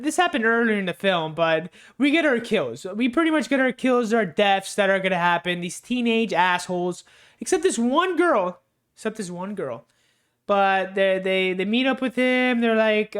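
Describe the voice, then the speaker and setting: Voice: medium pitch, fairly bright tone, clear, resonant tone. A movie reviewer casually recapping a film with spoilers, rambling loosely with lots of fillers, restarts and swearing.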